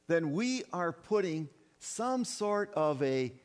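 A man's voice: on the high side, sing-song, slow, few pauses. A man preaching a sermon to his congregation, emphatic and repetitive, often asking the listeners questions. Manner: emphatic, repeats phrases, addresses the congregation as folks. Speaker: pastor.

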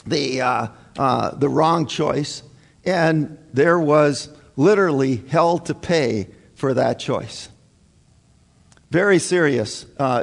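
Slow, emphatic preacher in a reverberant hall. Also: male voice, medium pitch. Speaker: pastor. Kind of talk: sermon.

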